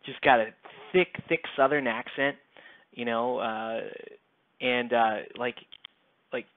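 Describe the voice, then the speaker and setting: A man's voice: mid-range voice, fairly even intonation, slow pace, no room sound. A man hosting a miniature painting channel, chatting casually while he paints, rambling with lots of fillers and casual swearing. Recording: tinny phone-like sound, dry.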